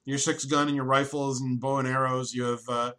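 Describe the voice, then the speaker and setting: A man's voice: mid-range voice, flat delivery, brisk, sharp tone. A man chatting casually on a podcast, rambling and opinionated, with frequent restarts. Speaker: podcast co-host. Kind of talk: casual chat.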